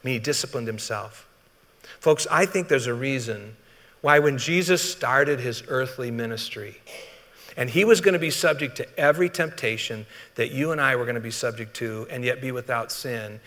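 A man's voice: mid-range voice, moderate pace, a bit bright. A male pastor delivers a sermon in a conversational way, putting questions to his listeners. His voice sits in the middle range for a man. A long reverb from the hall trails each phrase. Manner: conversational, asks the congregation questions.

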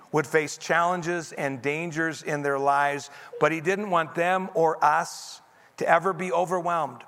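Male pastor, bright slightly high voice, earnest sermon delivery, long hall reverb. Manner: earnest, leads congregation in repeated reading. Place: church sanctuary.

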